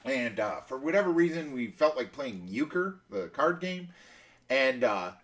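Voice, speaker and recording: A man's voice: mid-range voice, expressive, measured pace, fairly bright tone. A man in his thirties telling a long personal story in a casual, rambling way, full of fillers and restarts. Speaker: podcast host.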